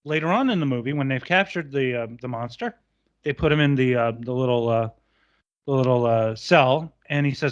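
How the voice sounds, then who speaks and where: A man's voice: mid-range voice, a little fast, dull audio. A man co-hosting a casual film podcast, retelling scenes and acting out lines with gusto. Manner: animated, acts out movie lines. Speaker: podcast co-host.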